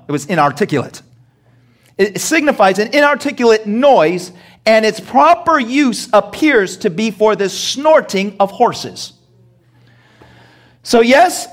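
A male pastor preaching a sermon, asking the congregation rhetorical questions and acting out short dialogue scenes with humor. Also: high-pitched.

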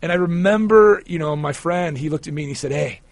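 A man with a fairly high voice tells a story in a casual interview, restarting sentences as he goes. The sound is dry and close, with no room around it. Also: fast, no room sound. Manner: animated, rambling with repeated restarts. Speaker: guest, sportswriter.

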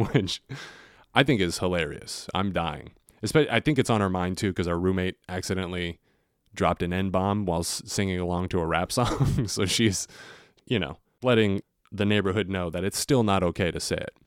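A man's voice: deep voice, moderate pace, clean tone, no room sound, clean studio sound. A young man hosting a podcast, telling a casual, laughing story full of swearing. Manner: laughing, animated storytelling with profanity. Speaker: podcast host.

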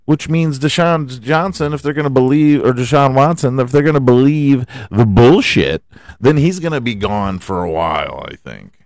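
A man's voice: mid-range voice, lively intonation, moderate pace, a little mellow, no room sound. A man hosting a podcast, ranting about his football team in a heated, profane way and firing off rhetorical questions. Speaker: podcast host. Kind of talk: profane sports rant.

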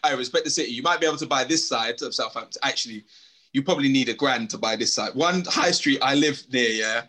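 A young man hosting a casual podcast chat, slangy and animated, telling stories with lots of laughter. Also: medium pitch, quick pace. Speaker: podcast host.

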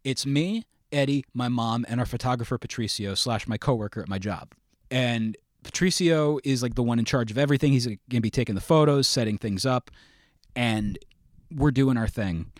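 Lively, self-mocking young man telling a story. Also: medium pitch, moderate pace, no echo, clean studio sound. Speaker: podcast guest. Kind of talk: animated anecdote telling.

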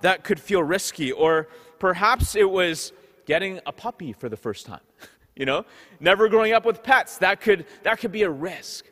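High-voiced pastor preaching in a reverberant hall. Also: male voice, fairly bright tone. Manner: storytelling, repeats words as he talks. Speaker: parish pastor. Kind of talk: conversational Sunday sermon with stories.

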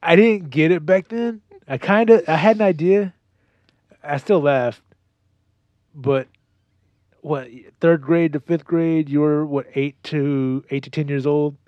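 A man's voice: on the high side, unhurried, darkish tone, no room sound, muffled recording. A man co-hosting a casual chat, rambling through stories and jokes. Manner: rambling, joking, storytelling.

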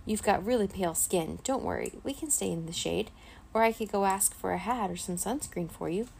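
A woman voicing a lively, excitable schoolgirl in a storybook read-aloud, bouncy and eager as she talks. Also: medium pitch, fairly quick, vocal fry, a little hiss or hum. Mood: excited.

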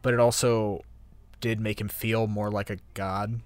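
A man's voice: lowish voice, level tone, a little slow, darkish tone, no room sound. A young man chatting casually about an anime, easygoing and hesitant, with many fillers. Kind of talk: casual anime review chat.

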